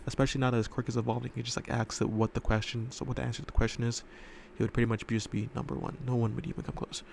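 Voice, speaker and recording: A man's voice: mid-range voice, flat delivery, very fast, creaky, a little mellow, a little hiss or hum. A man telling a fan story casually, rambling with lots of fillers and loose swearing, recorded in a room at home.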